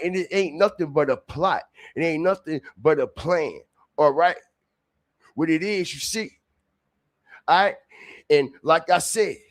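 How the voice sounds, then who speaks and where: A man talks slowly and deliberately to his stream, his voice sitting on the high side. He is profane and repetitive, hammering his point home with constant call-outs to the people watching. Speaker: live stream host. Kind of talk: street commentary livestream.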